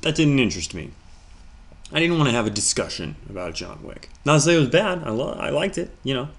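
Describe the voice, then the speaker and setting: A man hosts a solo podcast in a loose, rambling monologue. His pitch is lively and bounces around a lot. He drops into quiet mumbles, then breaks into loud, jokey asides. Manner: animated, swings between mumbling and loud. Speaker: podcast host.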